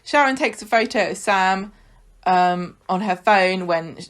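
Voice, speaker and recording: A woman's voice: mid-range voice, measured pace. Woman co-host, chatty and sarcastic, acts out scenes as she recaps. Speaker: podcast co-host. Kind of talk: casual chat recapping a soap.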